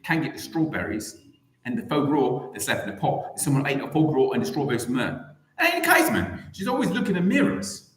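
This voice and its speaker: Male streamer, fairly high voice, rambling and mocking commentary, recorded in an echoey room. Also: fairly bright tone.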